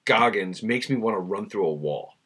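A man co-hosting a podcast in casual chat, animated and quick to react with exclamations. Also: on the low side, breathy edge. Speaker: podcast co-host.

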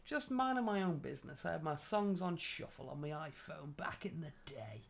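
A man's voice: a little high, expressive, moderate pace, creaky. A man co-hosting a music podcast in casual chat, joking and swearing. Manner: jokey, swears, laughs often. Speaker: podcast co-host.

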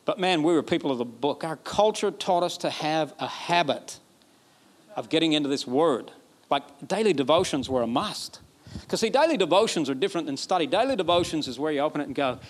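A man from Alabama, preaching a sermon emphatically, repeating phrases and building to excited peaks. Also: on the high side, a little fast. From Alabama, USA. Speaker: pastor.

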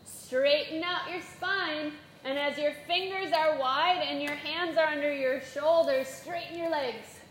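A woman teaching a playful yoga class for children, giving gentle, encouraging instructions. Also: high-pitched, a little slow, hardly any pauses. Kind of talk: guided kids' yoga class. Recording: echoey room with faint background noise.

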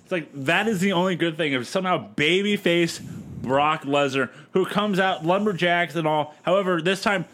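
A man's voice: fairly high pitch, moderate pace, a bit bright. A man co-hosting a casual podcast chat, loose and profane, often quoting others in put-on voices. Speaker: podcast co-host.

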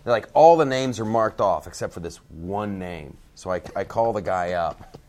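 A middle-aged man, a comedian guest, telling animated stories in a casual chat and acting out loud characters. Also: low-pitched, moderate pace.

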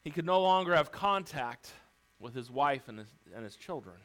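A man's voice: on the high side, animated, moderate pace, fairly bright tone. A man preaching a sermon, retelling a story vividly and theatrically.

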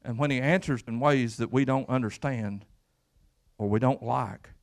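A man's voice: medium pitch, normal speed, vocal fry. A man preaching a sermon as pastor, folksy and emphatic, with repeated words and call-outs to the congregation. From Kentucky.

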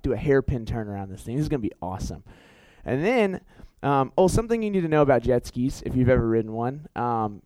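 A young man giving a storytelling sermon in an animated, chatty way, full of fillers and self-corrections. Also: mid-range voice, no room sound, poor audio. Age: young adult. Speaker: youth preacher.

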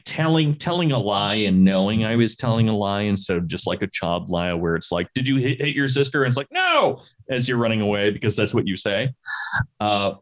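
A man co-hosting a podcast, telling a rambling, swear-laden story with chuckles in casual chat. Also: on the low side. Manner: rambling storytelling with laughs and profanity. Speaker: podcast co-host.

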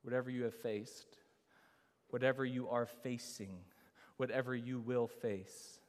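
A man's voice: medium pitch, steady tone, measured pace. A man preaching a sermon, building emphasis and asking rhetorical questions of the congregation. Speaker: pastor. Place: church sanctuary. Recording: long reverb of a large hall.

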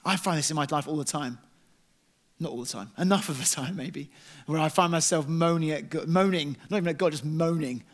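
Man, young adult, sermon, earnest and animated, slightly high voice. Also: fairly quick. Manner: earnest, animated storytelling, self-deprecating. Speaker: preacher.

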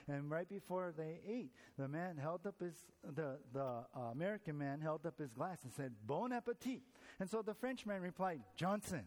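A man preaching a sermon in a loose, conversational way, asking his listeners questions and breaking off to tell jokes. His voice sits a touch higher than most men's. Long reverb from a big hall trails behind him. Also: a little mellow. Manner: conversational, tells jokes, asks the congregation questions. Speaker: pastor.

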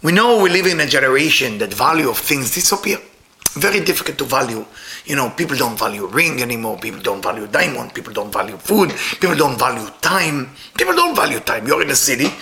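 A man's voice: medium pitch, animated, fairly quick, creaky, sharp tone, slight background noise. A middle-aged man giving a sermon as a rabbi, telling stories animatedly with chuckles and non-native English phrasing. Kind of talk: sermon with storytelling.

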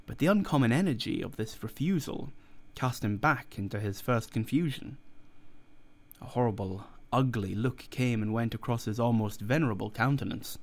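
A male narrator reads classic fiction in a steady, deliberate audiobook style. His pitch sits in the middle range, and his delivery is measured and unhurried.

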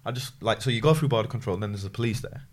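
A man's voice: fairly low pitch, rapid-fire. Young man, casual storyteller, acts out the people he quotes. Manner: animated anecdotes, acts out quoted voices.

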